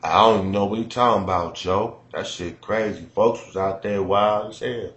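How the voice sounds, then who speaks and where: A Chicago man imitating a tough older street man in a low, mumbled, disconnected drawl. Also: moderate pace, a bit bright, echoey room, muffled recording, natural voice. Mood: nonchalant.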